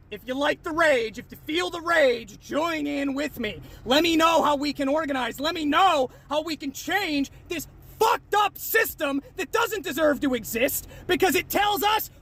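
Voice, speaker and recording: Male online commentator, bright piercing tone, furious profane rant to camera. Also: very high voice, gravelly. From United States. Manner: shouting, profane, heated. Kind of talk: angry rant replying to comments.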